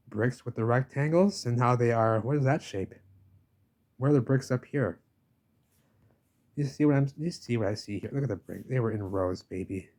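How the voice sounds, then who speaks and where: A man's voice: mid-range voice, a little mellow. A man recording a casual walking-tour vlog outdoors in a village, ranting insistently at the camera and repeating himself. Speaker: vlogger filming a village walk.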